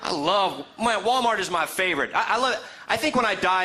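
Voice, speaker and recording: A male stand-up comedian telling deadpan quips to a live audience. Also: high-pitched, background noise. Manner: deadpan quips, quick jokes. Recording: live show with audience laughter.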